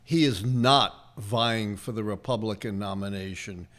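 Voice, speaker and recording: A man's voice: fairly low pitch, a bit bright. Older man with a Brooklyn accent. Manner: lecturing, emphatic, measured. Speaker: political historian guest answering questions. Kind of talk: livestream political analysis.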